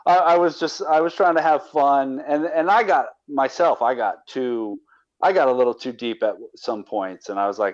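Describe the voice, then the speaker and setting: A man's voice: medium pitch, normal speed, dull audio. A man guest on a casual podcast, rambling and restarting his sentences. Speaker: caller and guest.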